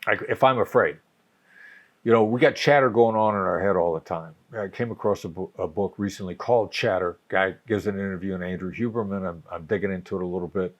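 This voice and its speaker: An older man with a low voice talks through ideas in an unhurried, measured way. He often restarts and repeats phrases as he thinks aloud, in the tone of a seasoned coach. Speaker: guest, negotiation coach. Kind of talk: conversational explaining.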